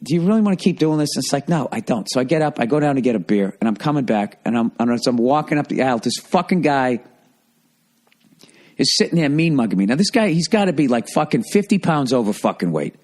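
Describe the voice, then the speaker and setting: A man's voice: mid-range voice, animated, quick pace, a little mellow. A man in his fifties telling a story in casual comedic style, profane and rambling as a podcast host. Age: 50s.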